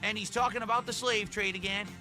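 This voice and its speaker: A man's voice: sits high, fairly even intonation, quick pace, over music, voice pushed up, close to an everyday voice. A man voicing a folksy Texan good-old-boy character with a drawling Texan accent while chatting on a live game stream.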